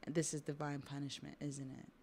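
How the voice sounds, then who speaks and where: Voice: medium pitch, level tone, moderate pace, darkish tone, a little hiss or hum, lightly acted. A streamer voicing frightened pleading children. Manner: pleading, panicky.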